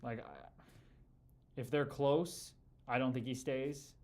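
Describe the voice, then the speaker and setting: A relaxed man talking loosely to his livestream audience at a middle pitch. He greets viewers like old friends, tossing in dude and brother as he reads their comments aloud. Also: slow pace. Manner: laid-back and chummy, calls viewers brother and dude. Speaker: livestream host and former hockey player.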